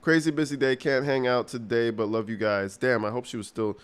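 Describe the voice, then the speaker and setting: A man's voice: medium pitch, fairly even intonation, fairly quick, smooth. A man streaming and reacting to a clip, talking in a crude, mocking, rambling way with lots of slang. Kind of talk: casual livestream commentary.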